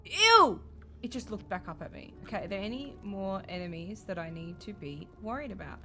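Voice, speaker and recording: A young woman streaming a game and reacting out loud, jumpy and profane, shrieking and laughing at scares. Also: mid-range voice, fairly quick, over music. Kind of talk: live let's-play commentary.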